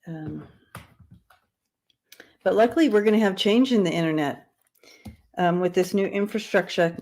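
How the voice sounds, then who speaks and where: A woman's voice: mid-range voice, moderate pace, darkish tone. A woman hosting a casual livestream reading who chats with viewers, laughs often and stumbles over long words she repeats to get right. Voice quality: dyslexia, repeats hard words. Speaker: livestream tarot reader.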